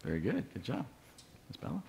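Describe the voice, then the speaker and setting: A man leading church announcements as pastor, encouraging and halting, with frequent filler sounds. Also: mid-range voice, huge pitch swings, gravelly, a little mellow. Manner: encouraging, praising children after they recite. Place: church sanctuary. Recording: live-streamed church service with long hall reverb.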